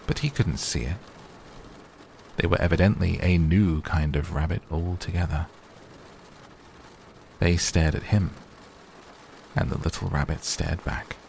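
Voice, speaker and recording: A man softly and gently reading a bedtime story aloud as narrator. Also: deep voice, a little slow, vocal fry, pauses often, a little hiss or hum. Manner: gentle, hushed. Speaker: audiobook narrator. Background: soft rain sounds.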